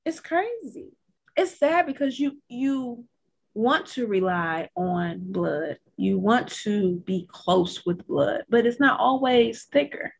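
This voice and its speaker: Husky-voiced woman talking faith. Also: on the high side, animated, slow. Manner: reflective, quotes scripture, laughs often. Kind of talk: faith-based casual chat.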